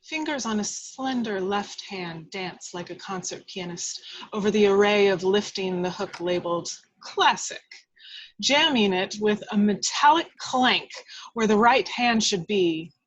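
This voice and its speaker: A woman reading a screenplay's action lines aloud in a measured, expressive way at a table read over a video call. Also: mid-range voice, dry recording, lo-fi sound.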